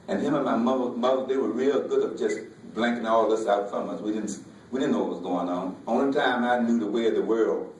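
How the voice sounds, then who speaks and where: Halting Southern-spoken man in an echoey hall. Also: on the low side, a little mellow, far from the mic, a little hiss or hum. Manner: halting, repeats words, Southern vernacular. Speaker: folk artist giving a talk. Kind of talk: emotional personal talk. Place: museum lecture hall.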